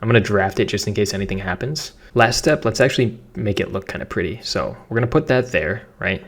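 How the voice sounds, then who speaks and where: A man's voice: lowish voice, animated, fairly quick. A man with a Boston accent giving a casual how-to tutorial as a content creator, chatty and slangy, often tossing in "right?". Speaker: social media content creator.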